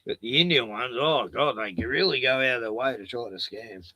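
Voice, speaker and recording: A man's voice: mid-range voice, a little fast, sharp tone, no room sound. A man hosting a livestream, telling crude, rambling stories and chuckling often. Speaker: livestream host. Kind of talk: casual chat.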